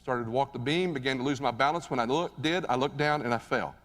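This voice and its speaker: A man giving a live motivational speech on stage, telling a story in an animated, conversational way and asking the audience questions. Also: medium pitch, fast. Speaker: motivational keynote speaker. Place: stage in a large hall. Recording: reverberant hall recording.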